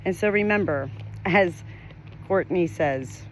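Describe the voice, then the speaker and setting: A woman's voice: lowish voice, unhurried, slight background noise. A middle-aged woman, a spiritual medium, talking straight to the camera from her farm home, earnest and rambling, repeating her phrases. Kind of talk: direct-to-camera spiritual message.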